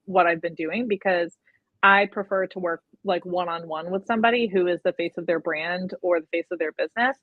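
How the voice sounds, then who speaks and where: A woman's voice: lowish voice, steady tone, brisk, dry recording. A young woman, a guest and personal brand coach, chatting casually in an interview with lots of "like" and "um". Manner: chatty, frequent "like" and "um". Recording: tinny phone-like audio.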